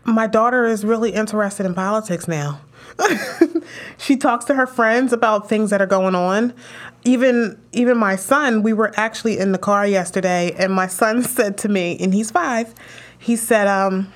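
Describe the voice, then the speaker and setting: A woman's voice: mid-range voice, normal speed. A young woman legislator being interviewed, talking emotionally and animatedly about her work and family. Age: young adult. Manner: emotional, animated storytelling with laughs. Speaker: state legislator.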